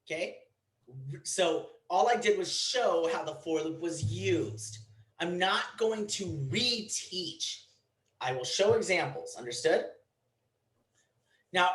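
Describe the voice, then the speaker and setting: A man's voice: sits high, animated, slow, a bit bright, reverberant, poor audio. A man teaching a programming class, blunt and teasing, in a classroom. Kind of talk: classroom lecture.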